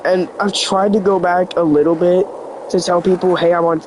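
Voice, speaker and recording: A man's voice: sits high, flat delivery, moderate pace, darkish tone, a little hiss or hum, rough recording. A teenage boy vlogging in an earnest, rambling way, full of "like" fillers, his voice slightly sick and cracking. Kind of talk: confessional vlog talk.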